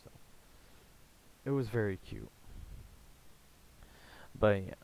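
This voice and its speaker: A young American man chatting casually in a rambling, halting way, full of fillers and restarts. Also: fairly low pitch, huge pitch swings, vocal fry, a little mellow, low-quality recording. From United States. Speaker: gaming YouTuber. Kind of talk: casual rambling vlog chat.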